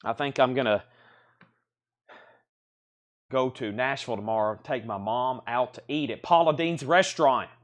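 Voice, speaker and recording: A man's voice: mid-range voice, moderate pace, pauses often, muffled recording. A man hosting a live stream, chatting and rattling off record titles and prices. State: out of breath. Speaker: live sale host. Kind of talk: live-stream sales patter.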